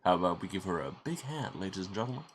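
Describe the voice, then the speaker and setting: A man's voice: sits low, expressive, very fast, slight background noise. A man voicing a smug, cruel young man who taunts a detective in mock-polite tones in a game. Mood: sneering.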